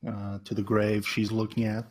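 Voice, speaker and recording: A man's voice: fairly low pitch, monotone, normal speed, darkish tone. A man playing as a squad sergeant in a tabletop role-playing game, talking hesitantly with many fillers. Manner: hesitant, filler-heavy speech. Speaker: player.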